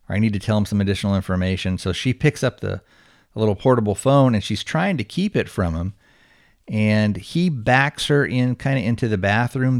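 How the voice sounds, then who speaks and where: A man's voice: on the low side, a little mellow. A male podcast host casually recapping a film's plot, rambling and leaning on fillers. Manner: rambling, heavy on fillers and hedging words. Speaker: podcast host reviewing a film.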